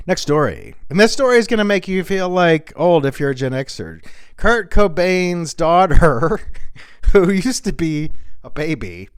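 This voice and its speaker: A man's voice: fairly high pitch, sing-song, measured pace, clear, resonant tone, no room sound, clean studio sound. A man hosting a comedy show who riffs on celebrity news in a rambling, crude, jokey way. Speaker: comedian host. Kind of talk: stand-up style celebrity news jokes.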